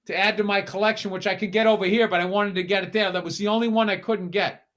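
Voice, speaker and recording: A man's voice: high voice, fairly even intonation, quick pace, a bit bright. A middle-aged man with a Boston accent co-hosting a podcast, telling stories in a heated, profane, casual way. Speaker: podcast co-host. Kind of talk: casual chat.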